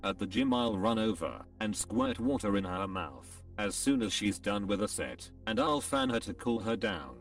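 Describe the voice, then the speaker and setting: Gravelly low synthetic male narrator. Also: big pitch swings, moderate pace, hardly any pauses, recorded from a distance, soft background music. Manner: computerized reading that voices punctuation marks. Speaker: narrator reading online posts. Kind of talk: text-to-speech reading of forum posts.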